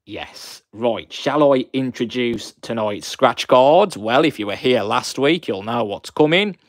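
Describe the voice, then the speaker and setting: A man's voice: medium pitch, expressive, a little slow, dry recording. Young black country guy doing a live stream, greets everyone by name, gushes a lot, dry close sound. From West Midlands, England. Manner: chatty, greets viewers by name, effusive. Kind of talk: live stream chat with viewers.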